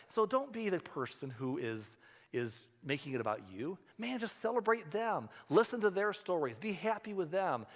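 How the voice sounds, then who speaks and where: High-pitched and brisk, with big swings in pitch, a male pastor delivers a conversational sermon in a church sanctuary. He keeps slipping into the voices of the people he mentions, with church hall reverb on the recording.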